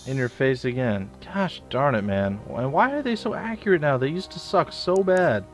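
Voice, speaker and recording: A young man casually commenting on his own gameplay, chatty and self-mocking, with sudden loud outbursts. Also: mid-range voice, sing-song, moderate pace, music in the background. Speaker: let's play gamer.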